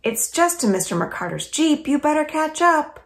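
A woman's voice: high-pitched, very animated, normal speed, pitched above the performer's own voice. A woman reading the part of a competitive, teasing seventy-two-year-old grandfather in a storybook. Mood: taunting. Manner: teasing, playful.

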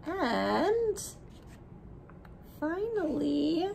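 A woman reading a picture book aloud to preschoolers as their teacher, gently asking questions and encouraging the children. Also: very high-pitched, very animated, extremely slow, creaky, slight background noise, rough recording. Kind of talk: storytime read-aloud.

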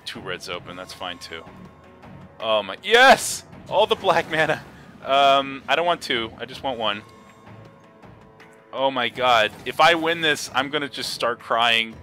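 A young gaming video host gives loose, excitable commentary over his own card game. His voice swings between low mutters and high yelps, with laughter and swearing mixed in.

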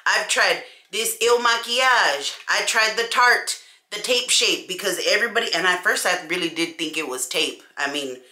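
A woman chatting casually to camera as a beauty vlogger, animated and talking straight to her viewers. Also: medium pitch. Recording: echoey room.

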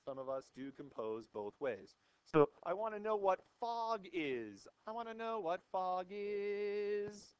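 A man's voice: high-pitched, very animated, slow pace, hardly any pauses, clear, resonant tone, dry recording, muffled recording. A young male math teacher giving a jokey, playful lecture to a classroom of students on an old microphone. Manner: playful, wisecracking, theatrical.

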